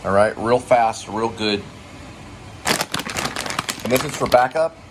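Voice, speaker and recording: A man's voice: lowish voice, takes it slowly, noisy background. Rambling man chatting over dinner. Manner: rambling, searches for names, hums and chews. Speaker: co-host. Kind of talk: casual home chat over a meal.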